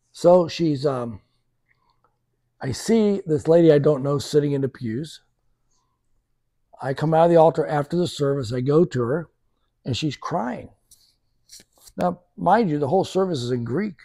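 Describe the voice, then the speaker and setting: A man's voice: a little high, no echo. A man telling a story as a podcast guest, acting out the dialogue he quotes. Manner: lively storyteller who acts out quoted dialogue. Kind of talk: conversational storytelling.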